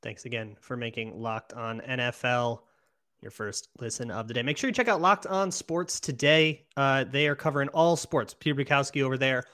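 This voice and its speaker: A man's voice: mid-range voice, moderate pace, sharp tone. A man hosting a sports podcast, setting up topics in a wry, teasing, casual way. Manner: steering the conversation, wry and teasing.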